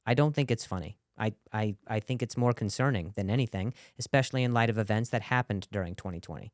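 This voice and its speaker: A man's voice: lowish voice, fast talker, dry recording, studio quality. A young man with a stutter doing a stand-up set, sarcastic and self-deprecating while working the crowd. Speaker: stand-up comedian. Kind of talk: stand-up set with narrated commentary.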